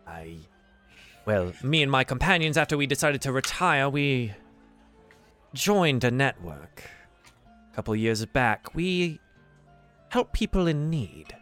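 Davil Starsong is a smooth, courtly retired adventurer, as a man puts him on in a tabletop game. He speaks with polite charm. His pitch swings freely from phrase to phrase. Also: sing-song, slow, pauses often, fairly bright tone, faint music behind. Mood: explaining. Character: suave retired male adventurer, faction contact.

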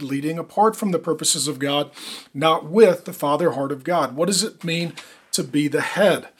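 Man, middle-aged, pastor, sermon, emphatic delivery, slightly high pitch. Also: breathy edge. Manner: emphatic preaching with rising punches on key words.

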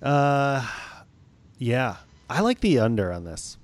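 A man's voice: medium pitch, sing-song, slow. A man co-hosting a casual sports podcast, joking and laughing often, loose and a little profane. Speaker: podcast co-host.

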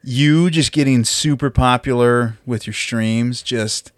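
A man's voice: medium pitch, slow pace, no echo, clean studio sound. A man co-hosting a podcast, joking and teasing his friends in casual banter. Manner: joking, teasing, laughs often. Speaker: podcast co-host.

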